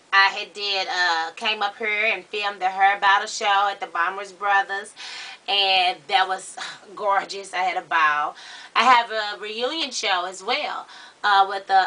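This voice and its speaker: A man plays a gossipy middle-aged Baptist woman with a raised, bright voice. She rambles and carries on with big dramatic outrage. The voice sits a little distant from the microphone. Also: exaggerated voice. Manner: chatty, dramatic, rising to shrill outbursts. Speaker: comedy character show host. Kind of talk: character comedy monologue to camera.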